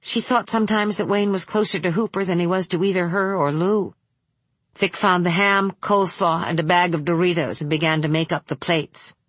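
A woman reading an audiobook in a measured, steady voice. Her tone is low and husky. The recording is close and completely dry. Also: no room sound. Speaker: audiobook narrator. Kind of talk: scripted narration.

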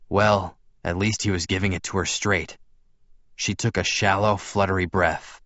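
Very deep man narrating an audiobook. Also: moderate pace, no echo. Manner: steady, first-person storytelling. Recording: dull, dry lo-fi recording.

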